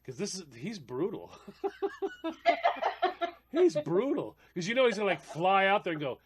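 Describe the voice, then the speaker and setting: A man's voice: high-pitched, moderate pace, slight background noise. A man co-hosting a casual podcast chat, telling a funny story and acting out voices, laughing often. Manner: animated, laughing, acts out quoted voices. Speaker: podcast co-host.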